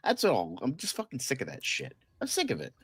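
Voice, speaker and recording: A man's voice: medium pitch, huge pitch swings, fairly quick, a bit bright, slightly rough, no room sound, clean studio sound. A man co-hosting a casual podcast, going off in a profane, angry rant. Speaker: co-host.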